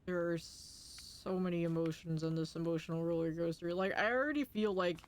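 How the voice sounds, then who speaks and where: A woman's voice: on the low side, normal speed. A woman streaming a game, reading its story dialogue aloud and reacting with laughter and swearing in casual commentary.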